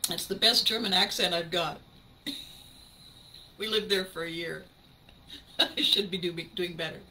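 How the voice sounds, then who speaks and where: Animated bright-voiced woman telling a story. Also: fairly low pitch, unhurried, slight background noise, low-quality recording. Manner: animated, laughs often mid-sentence. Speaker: podcast host. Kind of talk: personal storytelling monologue.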